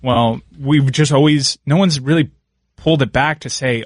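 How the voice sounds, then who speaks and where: A man's voice: mid-range voice, normal speed, dry recording, studio quality. A man hosting a radio show, musing and playful in casual banter. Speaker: radio host.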